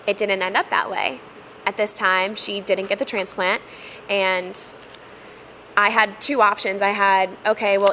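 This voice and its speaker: Bright-voiced woman telling a heartfelt story. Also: medium pitch, a little hiss or hum, low-quality recording. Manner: earnest, reflective, with frequent pauses and "um". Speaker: guest sharing personal testimony.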